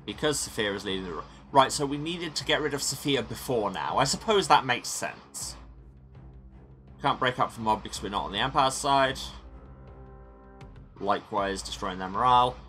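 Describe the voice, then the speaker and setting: A man's voice: mid-range voice, expressive, moderate pace, pauses often, sharp tone, faint music behind. A man hosting a let's play, reading story text aloud and musing on his choices with wry humor. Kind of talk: reading game text and commenting.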